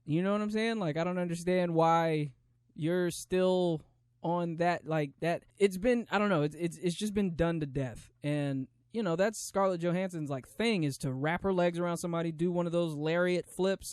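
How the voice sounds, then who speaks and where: A man's voice: fairly high pitch, normal speed, darkish tone, clear, resonant tone, no room sound, clean studio sound. A man hosting a solo podcast, rambling through a casual movie review with many fillers and restarts. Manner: rambling, filler-heavy, lots of "you know what I'm saying". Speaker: podcast host.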